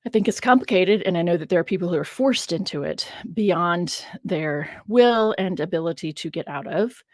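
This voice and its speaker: A woman's voice: fairly low pitch, lively intonation, moderate pace, a little mellow, dry recording. A woman biblical scholar hosting a casual teaching livestream, musing aloud, laughing often and stressing key words.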